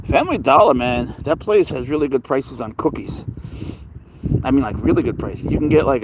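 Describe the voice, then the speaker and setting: A man's voice: mid-range voice, background noise. Older male streamer, rambling and chatty, reads chat comments aloud in a casual livestream. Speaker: livestreamer with a pet cat.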